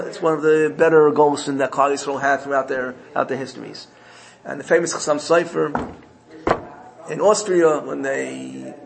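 A man teaches a Torah sermon, telling his parable in an animated way and often stopping to correct himself. His voice sits a little high with a gravelly, creaky texture. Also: poor audio. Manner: animated storytelling, frequent self-corrections.

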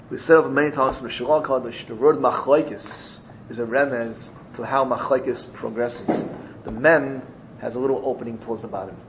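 A man's voice: medium pitch, slight background noise. A man teaching a Torah class, earnest and repeating phrases for emphasis, mixing in Hebrew and Yiddish terms. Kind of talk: Talmud class.

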